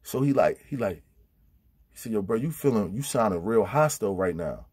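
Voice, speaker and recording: Husky low-voiced man telling prison stories. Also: moderate pace. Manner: animated, acts out quotes with big pitch jumps. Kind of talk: casual storytelling.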